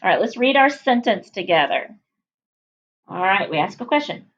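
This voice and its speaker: A woman teacher leading a phonics lesson for young children, cheerfully sounding out letters and words slowly. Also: mid-range voice, expressive, muffled recording. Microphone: recorded at a whiteboard.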